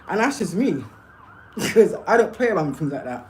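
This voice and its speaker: Woman, livestream monologue, lively swooping pitch, emphatic, faint background noise. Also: quick pace, low-quality recording. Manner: emphatic, repeats "okay?" and "yeah?" to the listener. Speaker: spiritual livestreamer.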